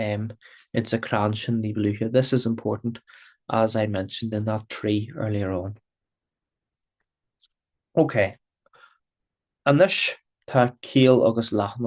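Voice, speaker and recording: The voice is a man's, lowish and a little mellow, teaching grammar in a recorded lesson. He goes over the material patiently, repeating terms in Irish and then English.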